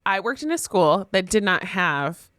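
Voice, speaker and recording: A female teacher co-hosting a podcast, talking with a very lively, swooping pitch and emphatic reactions. Her voice is recorded dry and close. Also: a little slow, dry recording. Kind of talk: casual podcast chat.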